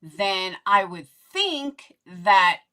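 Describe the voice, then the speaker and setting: A woman's voice: medium pitch, sing-song, extremely slow, pushed and bright, clear, resonant tone. A woman commentary host, sarcastic and cursing.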